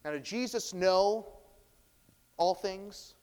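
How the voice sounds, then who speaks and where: Man, preaching, slightly high voice, dramatic emphasis, long church-hall reverb. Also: takes it slowly, a little mellow, clean tone. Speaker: pastor. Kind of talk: sermon.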